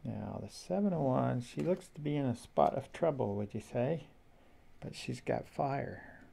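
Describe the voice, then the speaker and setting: A man slowly flipping through a tarot deck, musing aloud to himself in a casual, rambling way. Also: mid-range voice, animated, vocal fry, warm tone. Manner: slow, musing, talks to himself. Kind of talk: casual flip-through commentary.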